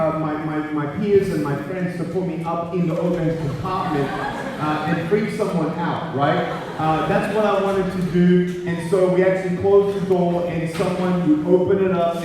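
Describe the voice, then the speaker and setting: A man in his thirties tells funny stories to a crowd, his voice a little high for a man. He is a playful storyteller who acts out the voices in his stories. The sound is picked up from far off in a very echoey school gymnasium with a long reverb. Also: darkish tone, slight background noise. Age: 30s. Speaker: motivational speaker. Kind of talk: humorous motivational speech to a live audience. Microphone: handheld mic, recorded from far off in the hall. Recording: very echoey gym recorded from far off.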